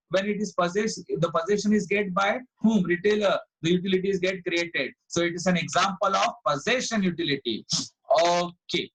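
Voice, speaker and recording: A man with a fairly high voice and an Indian English accent lectures to an online class. He restates each point several times, calls out students' answers and checks them one by one. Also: a bit bright, rough recording. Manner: repeats phrases, quizzes students, praises answers. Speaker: online commerce tutor.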